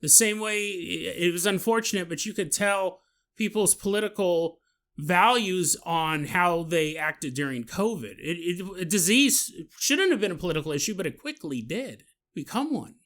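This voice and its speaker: A man hosting a podcast, telling a story in a chatty, animated way with laughs and asides. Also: high voice, normal speed. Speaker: podcast host. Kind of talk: casual storytelling monologue.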